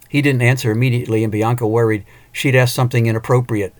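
A man narrating an audiobook, expressive, with an occasional small restart. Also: mid-range voice, fast talker, hardly any pauses.

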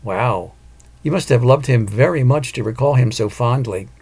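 A man voicing a calm, cunning female psychic who talks patiently and persuasively, in an audiobook. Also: medium pitch, normal speed, vocal fry, slightly rough. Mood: probing.

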